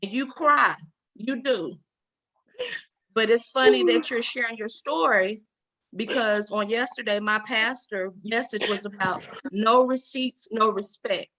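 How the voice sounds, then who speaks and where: A woman gives firm, preachy, faith-filled encouragement on a video call. Her voice is bright and forceful and sits a little above average in pitch. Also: unhurried. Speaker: encouraging mentor in a women's group. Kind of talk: motivational faith talk.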